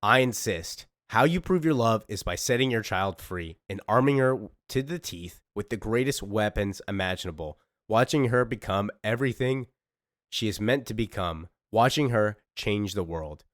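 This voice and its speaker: A man's voice: on the low side, animated, normal speed, no room sound, studio quality, natural voice. A man voicing a fierce young warrior princess, reading her lines in a proclaiming, intense way. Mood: defiant.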